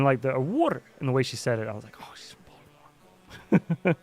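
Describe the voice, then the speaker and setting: Flying a drone simulator on his livestream, a man talks casually and rambles, cursing frequently. His voice is medium in pitch with a fairly bright tone.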